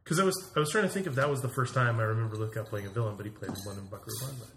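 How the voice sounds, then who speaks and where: Fast-talking joking man, roomy sound. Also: on the low side, a bit bright. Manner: quick, joking, laughs often. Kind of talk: casual chat. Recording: roomy echo with faint noise.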